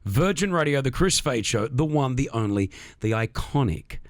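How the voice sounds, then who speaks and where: A man with an Australian accent hosting a radio studio interview, effusive and quick to laugh. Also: mid-range voice, noisy background. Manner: lively, effusive, laughs often. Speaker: radio host.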